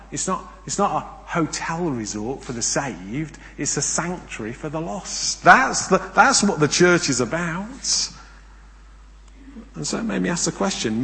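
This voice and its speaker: Man, sermon, rhetorical questions, raised pitch, long hall reverb. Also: vocal fry. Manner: emphatic, rhetorical questions, swings between loud and hushed. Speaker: preacher.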